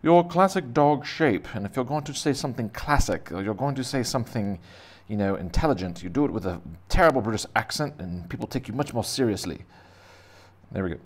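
A man's voice: lowish voice, lively intonation, fast talker. A man teaching kids to draw in a casual, rambling, jokey way, thinking aloud as he sketches. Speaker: art teacher. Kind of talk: casual drawing lesson for kids.

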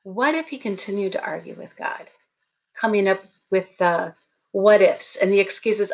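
Brief: woman speaker at a graduation service, relaxed and chatty sermon delivery. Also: mid-range voice, normal speed. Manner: conversational, humorous storytelling. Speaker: speaker at a college baccalaureate service.

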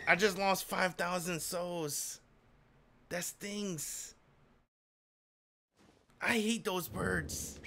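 A man streaming a video game live, reacting aloud with frequent swearing and excitable running commentary. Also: high voice, extremely slow, gravelly, pauses often, a little hiss or hum. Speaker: gaming streamer.

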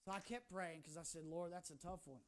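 A pastor preaching a fervent sermon from a church pulpit, swinging from shouting to hushed talk. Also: male voice, on the high side, steady tone, a little fast, a little hiss or hum.

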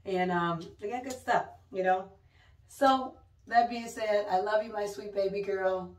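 A middle-aged woman, a mother and vlogger, telling stories in casual, chatty talk with lively exclamations. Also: medium pitch, a little slow. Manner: chatty storytelling, exclaims "oh my God". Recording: roomy, mic a bit distant.

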